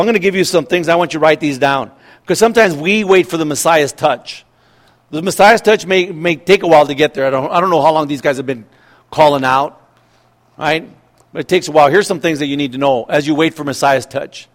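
Middle-aged male pastor, higher voice, animated sermon with acted-out lines. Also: a little fast. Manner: lively preaching, acting out voices, laughing.

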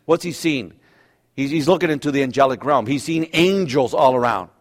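A pastor preaching a conversational sermon, animated and full of everyday examples, often checking in with "right?". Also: male voice, mid-range voice, normal speed.

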